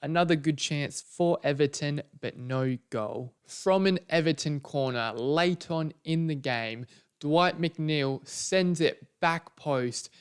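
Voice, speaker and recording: A man's voice: a little high, slow, smooth. A man hosting a football podcast, retelling match moments play by play in a recap. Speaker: podcast host.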